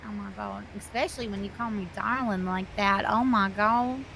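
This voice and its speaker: A woman's voice: mid-range voice, fairly even intonation, moderate pace, vocal fry, fairly bright tone, a little hiss or hum. A woman playing a doctor in a roleplay game, bantering playfully and teasing in a flirty way.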